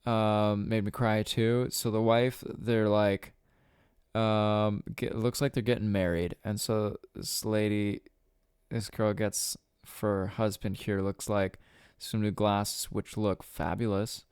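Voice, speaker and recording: A man's voice: on the low side, level tone, takes it slowly, darkish tone, smooth, dry recording, clean studio sound. A young man hosting a solo podcast, rambling casually, swearing often and laughing at his own jokes. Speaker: podcast host.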